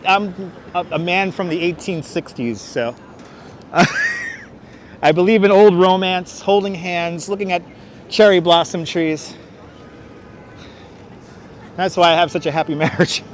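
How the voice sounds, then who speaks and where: Brooklyn guy rambling on a live street walk, bit high-pitched, jokey asides, clip mic outside. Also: a bit bright, slight background noise. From Brooklyn, New York. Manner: chatty, rambling, answers chat questions aloud, jokey asides. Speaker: livestream walking tour host. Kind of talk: casual live street-tour narration. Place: outdoors on busy city streets. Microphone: wireless clip-on mic, phone on gimbal.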